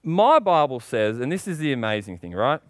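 A man's voice: sing-song, moderate pace, no room sound. A man preaching a sermon with passion, asking rhetorical questions and getting worked up as he goes. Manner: impassioned, rising in pitch when worked up.

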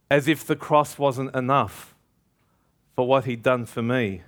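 A man's voice: mid-range voice, fairly even intonation, measured pace. A man preaching a sermon, emphatic and calling out questions to the congregation.

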